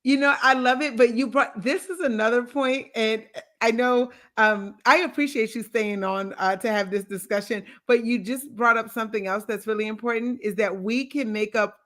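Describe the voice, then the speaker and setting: A woman's voice: on the high side, normal speed, a bit bright. A woman hosting an interview, eager and agreeable, with hesitant fillers. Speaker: podcast host. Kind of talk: conversational interview.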